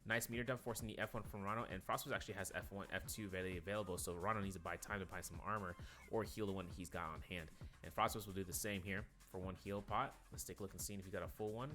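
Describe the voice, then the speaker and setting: Bright-voiced male esports commentator. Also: deep voice, fairly even intonation, faint music behind. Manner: rambling, filler-heavy asides between quick calls. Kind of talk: play-by-play game commentary.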